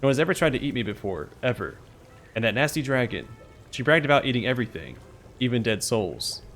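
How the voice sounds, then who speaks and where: A man doing a whiny spoiled demon queen, petulant, smug, lively up-and-down delivery, game voice-over. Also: medium pitch, quick pace, soft background music. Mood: petulant whining. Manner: whining, smug, self-pitying.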